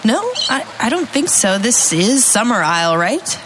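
A woman's voice: on the high side, big pitch swings, moderate pace, a bit bright, slight background noise. A woman with a Midwestern accent voicing a frustrated police constable in a comedy sketch. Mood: exasperated. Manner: pleading and exasperated.

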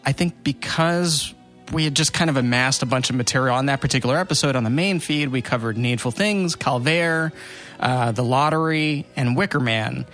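A man's voice: mid-range voice, moderate pace, fairly bright tone, soft background music. A man co-hosting a podcast, talking casually with frequent laughter. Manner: rambling, laughs often. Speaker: podcast co-host. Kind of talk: casual chat.

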